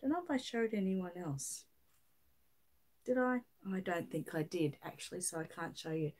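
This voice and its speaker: A woman's voice: lowish voice, lively intonation, moderate pace, darkish tone. A middle-aged Australian woman, slightly throaty from a chest infection, chatting casually on a livestream and reading out viewer comments. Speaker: livestream host.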